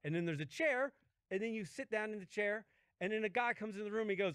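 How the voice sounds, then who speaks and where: A man's voice: high-pitched, brisk, a bit bright, smooth, no echo. A man telling a comic story in casual chat, ranting and swearing, acting out other people's voices.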